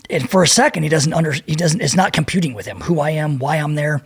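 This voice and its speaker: A middle-aged man telling a profane, animated story as a podcast guest and acting out the people in it. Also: on the high side, fast, slightly rough. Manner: profane, animated, acts out voices in his anecdote. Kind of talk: storytelling in a casual interview.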